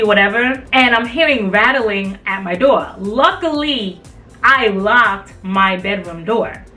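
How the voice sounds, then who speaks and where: A young woman tells a story from her student days in a bright, somewhat high voice, loose and full of "like". She slips into the voices of the people she quotes. She sits a little back from the mic, with soft music playing underneath. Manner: animated, acts out quoted voices, many filler likes. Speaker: vlogger. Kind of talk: casual storytelling. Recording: voice a bit far from the mic, faint music behind.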